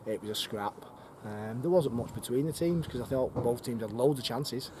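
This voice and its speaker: Man as a blunt football boss talking after the match, in steady outdoor noise. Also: medium pitch, normal speed. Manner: frank, rambling, swears casually. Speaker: football club manager. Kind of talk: post-match interview. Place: outdoors at a football ground on a freezing night. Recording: noisy outdoor ambience.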